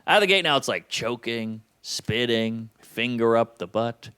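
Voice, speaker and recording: Wry deadpan stand-up comedian. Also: male voice, medium pitch, a little slow, clean tone. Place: comedy venue with live audience.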